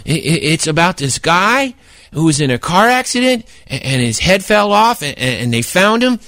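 A man voicing an eager young boy who trips over his words and piles up "and, and" as he rambles through a campfire tale. The voice sits bright and high, recorded close and dry. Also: sing-song, normal speed, dry recording. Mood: earnest. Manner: stammering, rambling storytelling. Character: eager boy camper telling spooky tales.

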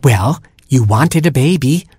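A man voicing a kindly, brisk kangaroo doctor in a storybook reading, soothing and matter-of-fact. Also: mid-range voice, lively intonation, a little mellow, husky, no echo, studio quality.

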